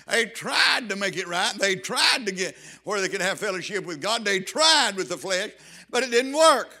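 Male preacher, fervent revival delivery, high ringing tone. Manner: fervent, rising to shouts and sung phrases. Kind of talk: revival sermon.

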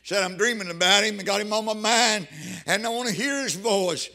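An older man, preaching a fervent sermon as pastor and rising into shouted praise. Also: high voice, brisk.

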